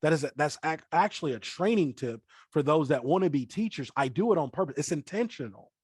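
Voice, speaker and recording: Trainer: middle-aged man, slightly high voice, dry close sound, repeats key points, talks to the chat. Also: lively intonation, a little fast, darkish tone, breathy edge, dry recording. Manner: repeats himself on purpose, addresses chat directly. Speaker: forex trading trainer. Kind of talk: live online training call.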